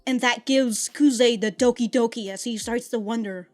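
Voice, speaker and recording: A woman's voice: on the high side, moderate pace, darkish tone, faint music behind. Chatty, laughing woman reacting casually. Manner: chatty, laughs often, swears casually, many fillers. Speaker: anime reaction host.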